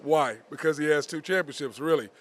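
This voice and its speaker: A man with a somewhat high voice hosting a casual sports talk show. He keeps asking questions and cuts in with his own points. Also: fairly quick, slight background noise. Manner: asks questions, interjects. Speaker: host.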